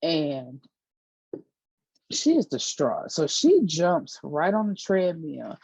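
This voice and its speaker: A woman's voice: deep voice, sing-song, takes it slowly, a little mellow, slightly rough, no room sound. A woman giving a casual, chatty TV episode recap, retelling scenes with lots of fillers. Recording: dull lo-fi dry recording.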